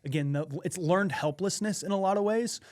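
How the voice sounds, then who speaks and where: Animated, swearing male podcast storyteller. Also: high voice, fairly quick. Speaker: podcast co-host. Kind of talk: casual podcast chat.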